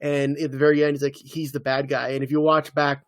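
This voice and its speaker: Recorded dry, a man co-hosting a podcast talks briskly in a high-leaning voice with little pitch movement. He chats casually, meandering through stories and using plenty of fillers.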